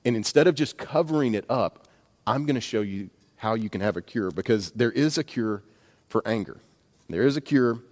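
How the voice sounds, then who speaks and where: A man's voice: medium pitch, lively intonation, moderate pace, darkish tone. A man preaching a sermon, speaking conversationally with bursts of emphasis and asides. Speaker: pastor. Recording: long reverb of a large hall.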